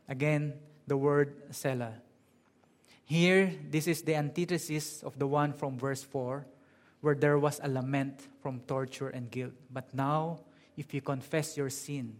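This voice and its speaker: A man preaching a sermon in an earnest way, drawing out key words slowly for emphasis. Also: mid-range voice, steady tone. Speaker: pastor.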